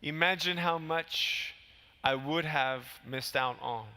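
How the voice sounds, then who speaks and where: Animated motivational speaker in a big hall. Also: male voice, a little high, takes it slowly, clean tone. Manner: animated storytelling, acting out scenes. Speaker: keynote speaker. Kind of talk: motivational keynote speech. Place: large convention hall. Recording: long hall reverb from PA.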